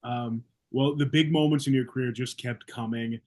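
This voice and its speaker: A man hosts a relaxed podcast chat, his voice at an ordinary middle pitch. He nudges his guest along with friendly follow-up questions. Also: moderate pace. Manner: encouraging, asks follow-up questions. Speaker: podcast host. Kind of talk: casual interview.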